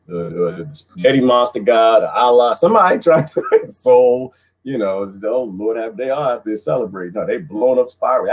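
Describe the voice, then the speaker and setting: Animated, husky-voiced man livestreaming. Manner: animated, jumps into high-pitched bits and laughs often. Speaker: livestream host. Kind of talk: casual livestream chat.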